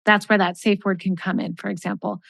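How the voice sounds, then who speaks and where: A middle-aged woman speaks as a life coach in a calm, measured way, sometimes voicing short sample exchanges. Her voice is mid-pitched and sounds close and dry, with no room around it. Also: creaky, dry recording. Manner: measured, gentle, acts out sample dialogue. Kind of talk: calm advice in a podcast interview.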